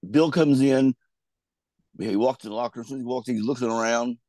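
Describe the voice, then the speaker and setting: A man's voice: medium pitch, fairly even intonation, fast talker, mellow, no room sound. A man telling rambling stories about his wrestling days in a casual interview. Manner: rambling, loose storytelling with restarts. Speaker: guest, former pro wrestler.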